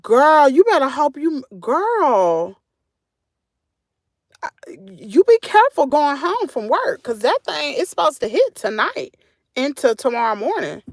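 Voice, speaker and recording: A woman from the Southern United States hosts a livestream from a parked vehicle, reading viewer comments, chatting casually, and laughing often. Her high voice swings widely in pitch at an unhurried pace, and the sound is clean studio quality with no room sound.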